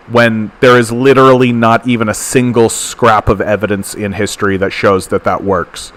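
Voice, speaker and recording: A man from Canada hosting a livestream political commentary show, ranting fast with repeated phrases and stammered restarts. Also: lowish voice, fairly even intonation, a bit bright. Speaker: host.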